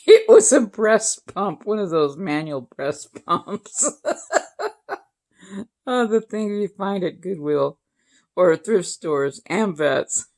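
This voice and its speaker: This is a woman in her sixties with a low, gravelly voice. She talks slowly and casually to her viewers, chuckling often as she tells family anecdotes. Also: lively intonation, a little mellow. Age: 60s. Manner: chatty, laughs often while telling family stories. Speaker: vlogger. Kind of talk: casual storytelling to camera.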